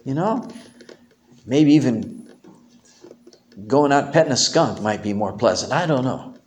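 A man preaching a sermon in a church, animated and emphatic, with homely humor. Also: mid-range voice, a little slow, slight background noise. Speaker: pastor. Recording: roomy echo.

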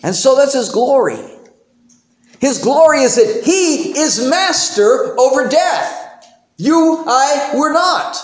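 Animated high-voiced preacher in echo. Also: male voice, takes it slowly. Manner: animated, emphatic, with homely humor. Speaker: pastor. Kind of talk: sermon. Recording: roomy echo.

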